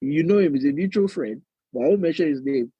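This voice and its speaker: A man with a Nigerian-American accent, hosting a casual podcast chat and telling animated stories full of slang and laughter. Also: fairly high pitch, fast talker, husky, no echo, highs cut off. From United States. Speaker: podcast host.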